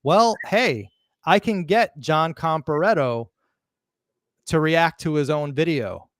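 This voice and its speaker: A man hosting a live podcast, talking excitedly and emphatically, often restarting words mid-sentence. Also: a little high, slow pace, dry recording, studio quality. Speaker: podcast host.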